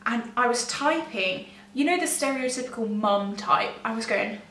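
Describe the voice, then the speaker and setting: A woman's voice: fairly high pitch, lively intonation, normal speed, a bit bright. Young woman telling a story, echoey room. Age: young adult. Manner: rambling, self-interrupting, laughs nervously. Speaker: vlogger. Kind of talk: casual storytelling to camera. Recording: echoey room, distant mic, faint hum.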